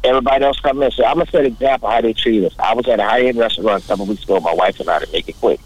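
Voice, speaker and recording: A man's voice: on the low side, rapid-fire, breathy edge, low-quality recording. A man, talking in an impassioned, preachy way in a casual chat.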